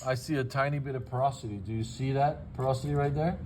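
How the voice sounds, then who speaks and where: A man's voice: mid-range voice, steady tone, fast talker, noisy background. A man demonstrating dental lab work in a casual teaching style, with joking asides. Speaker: dental technician. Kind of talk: hands-on demonstration. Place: dental laboratory.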